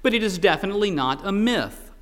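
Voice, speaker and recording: A man's voice: sits high, expressive, fast, a bit bright, in a large hall, pitched above the performer's own voice. A man voicing an indignant, proud squishy sea creature who talks in a prim, touchy way. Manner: prim, huffy, insists on being rational.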